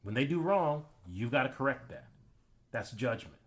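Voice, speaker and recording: A man's voice: mid-range voice, animated, moderate pace. A man hosting his own channel, giving an emphatic, preachy commentary monologue and telling personal anecdotes. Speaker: channel host.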